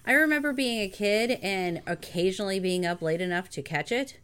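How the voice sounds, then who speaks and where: A woman's voice: mid-range voice, brisk, fairly bright tone, smooth. Woman co-host with brief replies. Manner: brief agreeing replies and questions. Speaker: podcast co-host. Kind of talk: casual chat.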